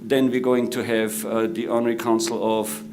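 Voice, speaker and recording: A middle-aged man with an Austrian German accent who moderates a conference panel, introducing guests formally and pausing often with "uh". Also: medium pitch, level tone, over loud music. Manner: halting, many "uh" fillers. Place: conference room.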